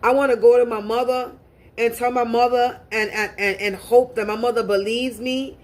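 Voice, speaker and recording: A woman's voice: fairly high pitch, steady tone, moderate pace. Blunt, cursing woman venting to camera. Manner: blunt, profane, restarts and repeats words. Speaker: spiritual reader. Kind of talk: casual monologue to camera.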